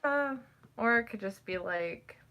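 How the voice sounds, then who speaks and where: A young woman chatting casually to camera, rambling and giggling, who acts out family quotes in high voices. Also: animated, measured pace, bright, forceful tone. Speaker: vlogger. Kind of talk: casual chat.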